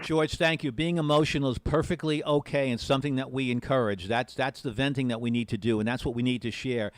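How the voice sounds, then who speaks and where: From his push-to-talk desk mic, a man hosts a live-streamed amateur radio special event, talking fast with a medium pitch and steady tone. He's earnest and rambling, repeating lots of words.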